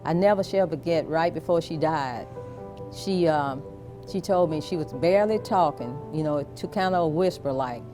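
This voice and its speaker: A woman being interviewed, telling a personal family story in a slow, soft, reflective way. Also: low voice, music in the background.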